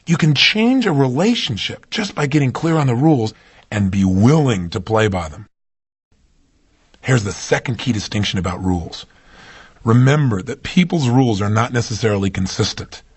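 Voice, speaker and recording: A man giving a motivational seminar talk, animated and full of rhetorical questions to his audience. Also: medium pitch, breathy edge. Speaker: motivational speaker.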